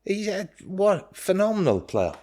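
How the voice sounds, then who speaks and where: A man co-hosting a casual podcast chat, teasing the others and chipping in with quick one-liners. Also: sits high, sing-song, mellow. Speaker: podcast co-host.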